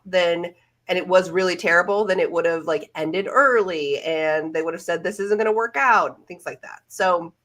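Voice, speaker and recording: A woman's voice: on the low side, a bit bright. A woman career coach co-hosting a live-stream Q&A, giving reassuring, practical interview advice. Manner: reassuring, advisory.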